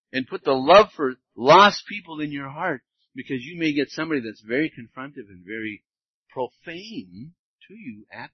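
Husky-voiced male pastor preaching, slightly dull. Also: fairly high pitch, dry recording. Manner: earnest, conversational preaching with scripture reading. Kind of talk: sermon.

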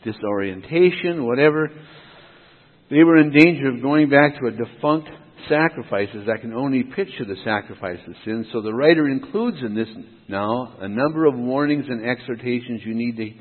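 A man's voice: mid-range voice, animated, moderate pace. Preaching man in an echoing hall. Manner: emphatic, rhythmic contrasts, asks and answers himself. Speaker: pastor. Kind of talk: sermon. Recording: tinny phone-like sound with long hall reverb.

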